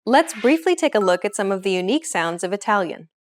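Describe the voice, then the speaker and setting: A woman narrating a scripted pronunciation lesson as the teacher, clear and upbeat. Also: mid-range voice, big pitch swings, fast talker.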